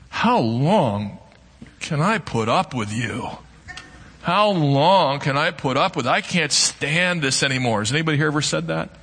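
Guy preaching a sermon, bright forceful voice, long echo off a big church hall. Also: mid-range voice, slightly rough. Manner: earnest, emphatic preaching with dramatic pauses. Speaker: pastor. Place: church sanctuary.

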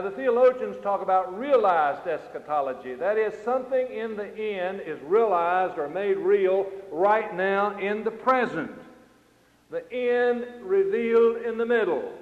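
An older man delivers a sermon in a high voice, rising to emphatic peaks and dropping low again. His words echo through a large church with a long reverb tail. The recording is dull and lo-fi. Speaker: pastor. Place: church sanctuary. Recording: roomy hall sound, muffled lo-fi.

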